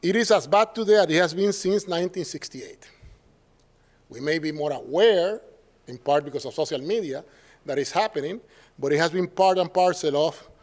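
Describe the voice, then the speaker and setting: A man with a Puerto Rican Spanish accent gives an academic lecture to a symposium audience. His voice sits a little high, and he keeps it conversational, tossing out quick tag questions and acting out the people he quotes. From Puerto Rico. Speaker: professor giving a symposium talk.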